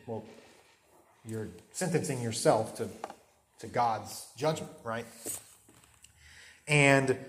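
A man's voice: on the high side, a little hiss or hum. A man preaching a conversational sermon, often restarting phrases and checking in with "right?". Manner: conversational, repeats words, often asks "right?".

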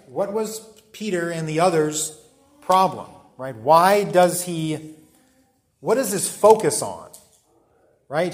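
A man leads a Bible study class in a relaxed, conversational way, with a fairly high-pitched voice. He often stops to check in with the group, asking "right?".

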